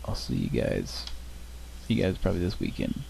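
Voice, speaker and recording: A man's voice: sits low, huge pitch swings, a little fast, creaky, dark tone, slight background noise. A man hosting a livestream in casual chat, laid-back and joking, trailing off with fillers. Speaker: livestream host.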